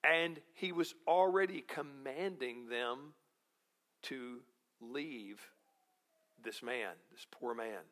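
A man preaching a sermon as pastor, slow and deliberate, posing rhetorical questions to the congregation. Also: medium pitch, a bit bright.

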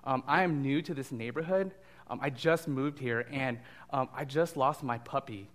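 A man's voice: medium pitch, moderate pace, fairly bright tone, natural voice. A man quoting an anxious man hunting for a lost puppy. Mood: anxious pleading. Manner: nervous, pleading.

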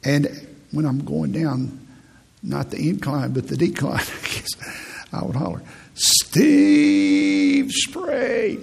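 A man in his fifties with a raspy voice, preaching a folksy, humorous sermon as a pastor. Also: medium pitch, steady tone, unhurried, darkish tone, in a large hall. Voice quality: raspy, gravelly. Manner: storytelling, humorous, laughs at own stories.

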